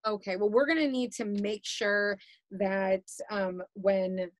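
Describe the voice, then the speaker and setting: A woman's voice: medium pitch, steady tone, slow, no room sound. Chatty woman host, encouraging, dry close sound. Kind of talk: interview host questions.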